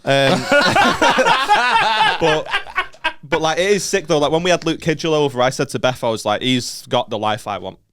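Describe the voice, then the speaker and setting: A man's voice: medium pitch, sing-song, normal speed, a bit bright. A man with a northern English accent co-hosting a podcast, bantering in a laid-back, sweary way full of "like". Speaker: podcast co-host. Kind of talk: casual podcast chat.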